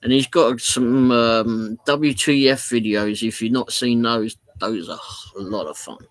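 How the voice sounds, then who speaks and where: Brief: male streamer, mid-pitched, casual rambling chat from a home office, dry close sound. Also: unhurried, no echo, rough recording. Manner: rambling, chatty, reads viewer comments aloud. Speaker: livestream host.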